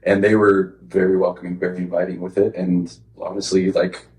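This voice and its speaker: Low-voiced male guest; laid-back chat full of fillers, roomy sound. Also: a little fast. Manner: relaxed, filler-heavy talk. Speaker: guest optometrist. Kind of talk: casual chat.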